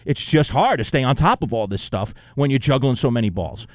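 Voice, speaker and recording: A man's voice: medium pitch, brisk, no echo, clean studio sound. A man hosting a radio sports talk show, chatting casually and telling stories with a self-mocking streak. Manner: animated, self-mocking storyteller.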